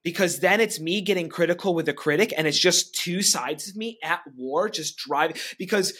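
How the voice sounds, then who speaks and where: Man, fairly high voice, relaxed podcast co-host who muses aloud and quotes his own inner voice. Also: moderate pace, breathy edge. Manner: reflective, speaks in self-talk quotes. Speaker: podcast co-host, leadership coach. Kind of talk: casual podcast discussion.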